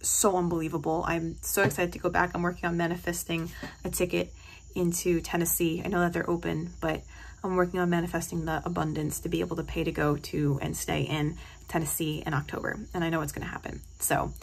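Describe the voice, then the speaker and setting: A woman's voice: fairly low pitch, level tone, fairly quick, vocal fry, breathy edge, poor audio. A woman from New Jersey talking casually into her phone for a vlog, telling stories in a gushing, emotional way. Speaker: vlogger. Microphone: phone held close.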